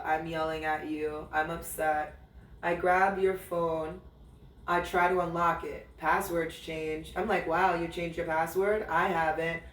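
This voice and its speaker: In a candid monologue, a man hosting a podcast bluntly and profanely tells a personal story, addressing his ex directly in a fairly high, a bit bright voice. The mic is distant, the recording roomy and a little off-mic, with a little hiss or hum.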